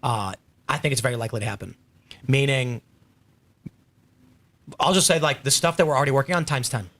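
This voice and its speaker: A man's voice: medium pitch, brisk, fairly bright tone. A man hosting a casual panel talk show, rambling through stories and reading viewer messages. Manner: rambling, storytelling with acted quotes. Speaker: host.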